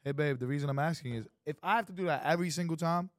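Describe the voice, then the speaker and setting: A man in his twenties co-hosting a casual podcast chat, animated and profane, acting out quoted exchanges. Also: on the high side, very fast, no echo. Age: 20s. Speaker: podcast co-host.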